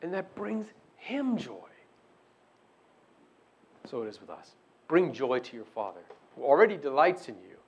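A man preaching a sermon and praying, earnest, moving between hushed prayer and emphatic, repeated declarations. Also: on the high side, slightly rough, muffled recording. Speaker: pastor.

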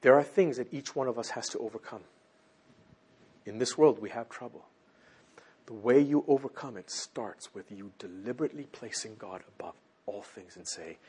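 Male preacher, husky and lively, big dynamic swings between shouts and hushed asides. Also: mid-range voice, moderate pace. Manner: animated, swings from loud exclamations to near-whispers. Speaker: teacher. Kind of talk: sermon.

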